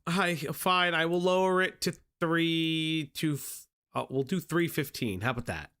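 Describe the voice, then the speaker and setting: A man's voice: fairly high pitch, a little slow, fairly bright tone, clear, resonant tone. A man hosting reaction commentary, throwing in profane, sarcastic remarks. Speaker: commentary host.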